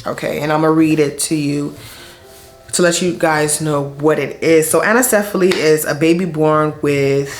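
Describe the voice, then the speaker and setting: A woman's voice: low voice, steady tone, moderate pace, soft background music. A young woman vlogger telling a personal story in casual, slangy speech full of fillers. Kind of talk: storytime vlog.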